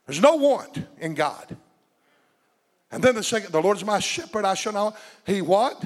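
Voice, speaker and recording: A man with a strikingly high voice preaches a fiery sermon, swinging between soaring shouts and low confiding asides. He calls out to the congregation for responses. His voice rings through the long reverb of a large church. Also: big pitch swings, normal speed, pauses often. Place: church sanctuary.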